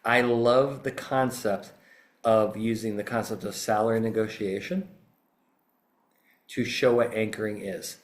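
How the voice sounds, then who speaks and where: A man who is a litigation psychologist, giving an animated, emphatic instructional talk on a podcast. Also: fairly low pitch, measured pace.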